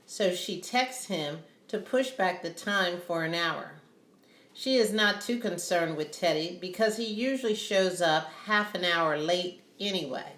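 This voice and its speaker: A woman narrating an audiobook chapter in a slow, even reading style. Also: lowish voice. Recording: roomy echo.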